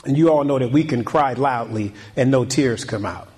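A man of medium pitch, a little mellow and speaking at normal speed, preaches a sermon. As his intensity rises, he repeats key points, questions the congregation, and calls out amen.

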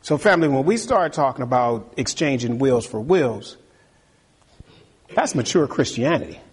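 A man preaching a sermon in an animated, conversational way, acting out little asides to the congregation. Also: medium pitch, moderate pace, breathy edge.

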